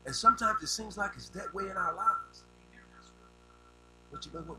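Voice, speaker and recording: An older man preaching a sermon with a raised voice and a very bright, sharp tone. His delivery is folksy and homespun, and he repeats words as he builds toward a point. Soft music plays under his voice. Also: high-pitched, normal speed, long pauses, low-quality recording. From rural United States.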